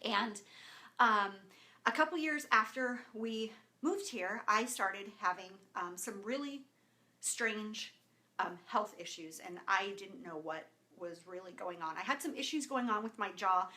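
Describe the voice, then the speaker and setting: A woman's voice: mid-range voice, lively intonation, unhurried, sharp tone. A woman in her thirties from Southern California, talking casually to viewers in a live video, greeting them by name with lots of fillers and openly emotional. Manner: openly emotional, close to tears. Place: indoors at home with camera and lighting setup.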